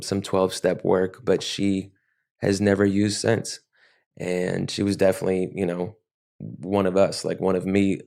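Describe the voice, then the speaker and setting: A man as an interview guest, speaking reflectively and haltingly with many restarts. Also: deep voice, creaky, a little mellow. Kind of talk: podcast interview.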